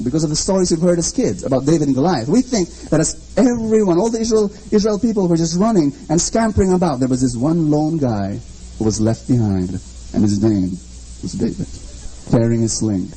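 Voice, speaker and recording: A man's voice: high-pitched, big pitch swings, moderate pace, mellow, slightly rough, low-quality recording. A man preaching a sermon, emphatic and repetitive, with lots of rhetorical questions and dramatic storytelling.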